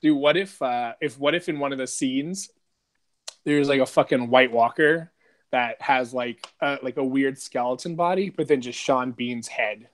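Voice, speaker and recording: A man of middle pitch co-hosting a loose podcast conversation. He rambles and swears freely, tossing in "dude" and "like" as he goes. His delivery is relaxed and unpolished. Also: normal speed. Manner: rambling, profane, peppered with "dude" and "like". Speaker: podcast co-host. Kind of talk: casual podcast chat.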